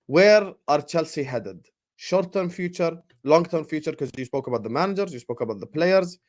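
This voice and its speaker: A man from the Middle East hosting a live stream in casual chat, lively and animated as he reads out viewer messages. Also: a little high, moderate pace. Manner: lively, animated, hyped shout-outs. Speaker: podcast host.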